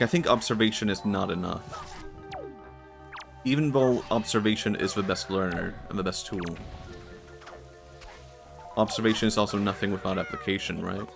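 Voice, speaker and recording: A man with a Swedish accent chatting in a low-key, monotone way while streaming a game. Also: gravelly. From Sweden. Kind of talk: casual gaming commentary.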